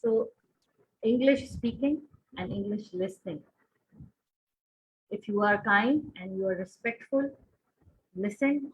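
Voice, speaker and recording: A woman's voice: medium pitch, slightly rough, narrow, tinny audio. A woman from Pakistan speaking as a panelist in a conference discussion, earnest and winding, often restarting her sentences.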